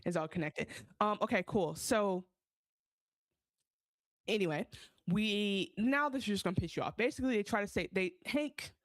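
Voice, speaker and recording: Woman, podcast co-host, casual recap talk, animated, acts out lines, dry close sound. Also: mid-range voice, normal speed, pauses often, dry recording.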